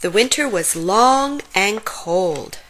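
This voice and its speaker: A woman with a mid-range voice reads a children's storybook aloud, expressive and unhurried.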